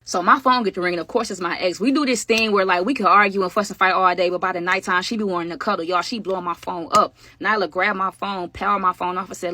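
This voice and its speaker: A young woman telling a casual storytime to her viewers, slangy and animated, with an occasional stammer. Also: fairly low pitch, fast talker. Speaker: vlogger.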